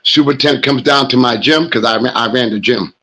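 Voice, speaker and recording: Middle-aged New man, hoarse and gravelly, rambling sports host monologue. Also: mid-range voice, fast talker, a bit bright, rough recording. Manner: rambling storyteller, talks smack. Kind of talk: casual monologue.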